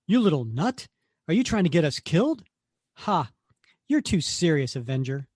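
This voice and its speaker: Playful young heroine read by a man, teasing, comic read-aloud, pitched up. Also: very animated, moderate pace, darkish tone, no room sound, clean studio sound.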